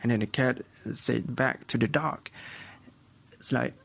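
A man casually teaching speaking tips, animated and repetitive, often restarting his sentences. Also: mid-range voice, a little slow, creaky, pauses often, husky, muffled recording. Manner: animated, repetitive, self-correcting. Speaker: speaking coach.

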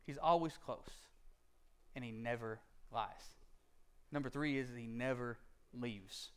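A man preaching a sermon in a conversational way, with jokey asides and casual slang, dropping to a hush and then building to loud, emphatic stretches. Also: mid-range voice, unhurried, pauses often, clean tone. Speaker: pastor.

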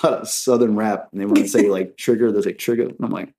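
As a podcast guest in casual conversation, this man rambles, cracks jokes and drops into mock voices. His voice is fairly low and mellow, with fairly even intonation and a quick pace.

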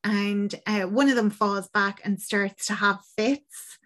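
An Irish woman chatting casually, telling a film's story in an animated way with lots of fillers. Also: medium pitch, takes it slowly. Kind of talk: casual film recap chat.

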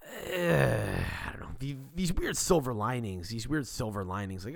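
A man's voice: lowish voice, a little fast, gravelly, hardly any pauses. A man hosting a casual solo podcast, rambling and swearing with many stuttering restarts, into a desk mic. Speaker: podcast host. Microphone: desk mic without arm.

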